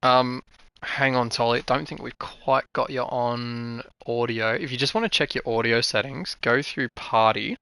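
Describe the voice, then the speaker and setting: A man hosts and calls a live sim racing broadcast. His voice is bright and forceful. The sound is dead dry, right on the mic. He gets excitable and calls with rising urgency. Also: medium pitch, measured pace, gravelly, clear, resonant tone, dry recording. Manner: excitable, builds to shouting at the finish. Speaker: race commentator and host.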